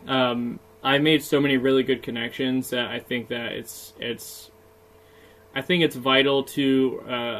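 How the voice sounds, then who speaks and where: A man co-hosting a casual podcast chat, talking in an upbeat way with a voice going hoarse. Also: medium pitch, fairly bright tone, poor audio. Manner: chatty and upbeat, laughs often, many fillers. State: voice getting hoarse. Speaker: podcast co-host, self-published author.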